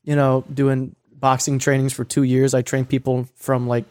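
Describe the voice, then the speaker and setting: A man's voice: mid-range voice, monotone, moderate pace, darkish tone, smooth, natural voice. A man imitating a young male boxing trainer who speaks hesitantly.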